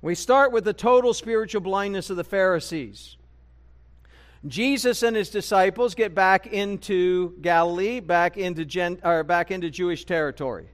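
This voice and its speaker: A man's voice: high-pitched, normal speed. A man preaching a sermon as pastor, conversational and full of rhetorical questions to the congregation. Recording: church broadcast recording.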